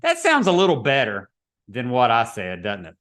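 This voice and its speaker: A man's voice: medium pitch, wildly swooping pitch, normal speed, fairly bright tone. Man, casual webinar teacher, chatty, video call. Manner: casual, chatty, repeats himself. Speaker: real estate instructor.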